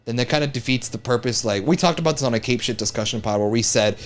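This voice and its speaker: A man's voice: medium pitch, quick pace. A man hosting a podcast, reading out entertainment news in a laid-back, joking way and swearing casually.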